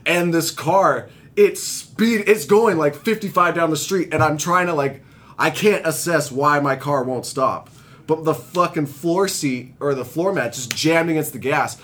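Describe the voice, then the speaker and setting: A young man telling rambling, profane stories in casual chat, laughing often and growing animated as he retells them. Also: measured pace. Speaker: guest telling recovery stories. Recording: faint low rumble.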